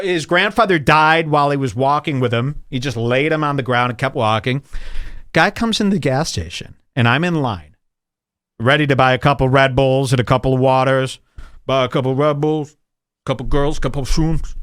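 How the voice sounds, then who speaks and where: A man's voice: mid-range voice, a bit bright, no room sound, studio quality. A man hosting a podcast, telling rambling, sarcastic stories in a casual comedic chat. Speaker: podcast host.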